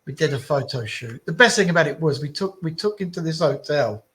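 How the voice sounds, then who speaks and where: A middle-aged man telling stories in a casual podcast chat, animated and repeating his phrases. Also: on the high side, brisk. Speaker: guest telling his story. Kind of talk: casual storytelling.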